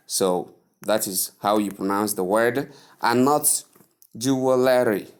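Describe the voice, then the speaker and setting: Slow, deep-voiced man teaching pronunciation. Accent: Nigerian English. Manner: slow, repeats each word many times, drawn out. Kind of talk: spoken English pronunciation lesson.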